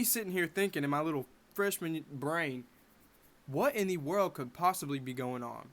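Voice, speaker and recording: A young man in his bedroom telling a personal story to camera in a casual, animated way with wry asides. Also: fairly high pitch, moderate pace. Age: young adult. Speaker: vlogger.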